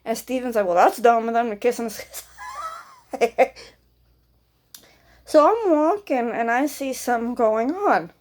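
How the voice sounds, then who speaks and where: A woman vlogger tells a long personal story in a loose, casual way. She rambles, swears freely and acts out each person's lines. Her voice sits a little high. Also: animated, unhurried, long pauses, a little mellow.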